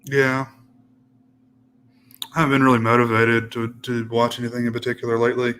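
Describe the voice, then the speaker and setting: A man's voice: mid-range voice, monotone, fairly quick, a bit bright, a little hiss or hum. A man co-hosting a casual film discussion podcast, talking hesitantly and often trailing off. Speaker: podcast co-host.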